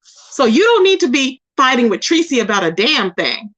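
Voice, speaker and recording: High-voiced woman scolding hard. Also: sing-song, moderate pace, a bit bright. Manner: scolding, confrontational, keeps repeating the target's name. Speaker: commentary channel host. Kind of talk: ranting live commentary. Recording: dull lo-fi recording.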